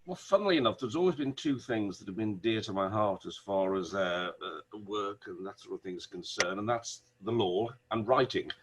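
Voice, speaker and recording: A middle-aged man with a Wolverhampton accent, a barrister, telling animated stories as a guest on a video call. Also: lowish voice, moderate pace, few pauses, a little hiss or hum, low-quality recording. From Wolverhampton, England. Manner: animated storyteller, many restarts. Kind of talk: conversational interview.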